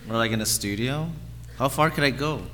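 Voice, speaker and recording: A man's voice: mid-range voice, fairly quick, bright, forceful tone, big-room sound, a little hiss or hum. A man in his thirties giving a casual, rambling sermon at a church, full of fillers, on a handheld mic. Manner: chatty, rambling, full of likes and ums. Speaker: guest preacher. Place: church hall.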